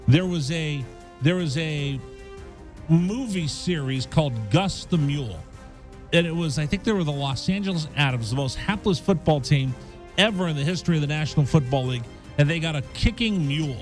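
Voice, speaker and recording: A young man hosting a sports talk radio show, quick and joking, with music behind. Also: on the high side. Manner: quick, joking, jumps into bits. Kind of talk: casual sports chat.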